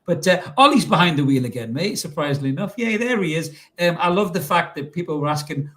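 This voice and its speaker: A man's voice: fairly high pitch, lively intonation, fast, hardly any pauses, fairly bright tone. A middle-aged man co-hosting a casual football podcast, cheeky and joking, swearing freely and laughing often. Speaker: podcast co-host.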